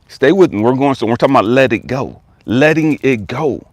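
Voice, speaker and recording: A man's voice: medium pitch, lively intonation, moderate pace, hardly any pauses, dry recording. A man who is a life coach, giving an emphatic motivational talk. He repeats key phrases and builds intensity as he goes.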